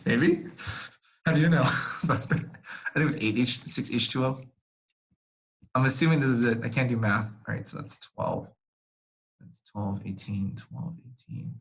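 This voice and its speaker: A man's voice: mid-range voice, a little slow, gravelly, pauses often, rough recording. Casual, swearing young male chemistry tutor. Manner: casual and easily flustered, swearing and laughing at himself. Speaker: supplemental instruction leader.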